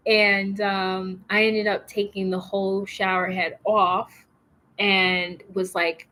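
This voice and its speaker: A woman's voice: mid-range voice, little pitch movement, slow pace, pushed and bright. A woman vlogging casually, chatting with plenty of fillers and acting out what people said. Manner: chatty, lots of fillers and likes, acts out quotes. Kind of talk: casual storytime chat. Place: apartment in a large city.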